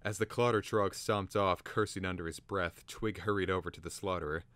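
A man reads a fantasy story aloud with theatrical flair, his voice deep and forceful. The sound is dry and close to the mic. He moves steadily through the narration in a storytelling manner. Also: fairly even intonation, a little fast, no echo. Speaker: reader. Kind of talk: dramatic reading.

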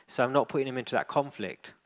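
A man coaches a dog owner through a live demonstration. He talks in a gentle, encouraging way and describes each thing the dog does. His pitch sits in the middle range for a man. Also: fast. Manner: gentle, encouraging, narrates the dog's behaviour. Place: indoor event hall.

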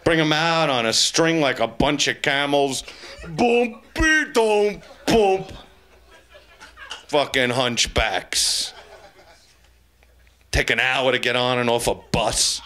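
A man's voice: medium pitch, fairly even intonation, takes it slowly, bright, forceful tone. A man doing live stand-up comedy on a club stage, crude and taunting the audience as he keeps repeating the same pun into a handheld mic.

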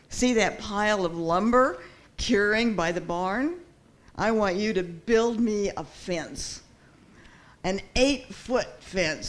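A woman voicing a bitter, stubborn older farmer brother in a spoken story, talking slowly and deliberately. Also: mid-range voice, natural voice.

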